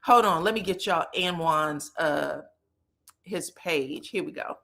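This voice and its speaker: A woman hosting casual pop-culture commentary, chatty and animated, talking straight to her viewers. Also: fairly low pitch, slow pace. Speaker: commentary host.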